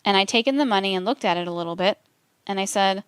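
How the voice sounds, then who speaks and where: A woman reading a transcript aloud for a documentary in a measured, steady delivery. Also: medium pitch, smooth, no room sound. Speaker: documentary reader.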